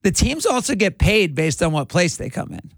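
A man hosting a casual sports podcast, relaxed and chatty as he gives live match updates and trades takes. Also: high voice, moderate pace, vocal fry, no echo. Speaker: podcast host.

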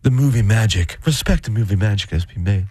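A grand, breathy movie star speaking in a hushed and affected way, as a man mimics her. The voice drops lower and goes soft and airy, as if savoring every word, recorded dry and close. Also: lively intonation, brisk, dry recording. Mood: grandiose. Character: breathy impression of a famous actress.

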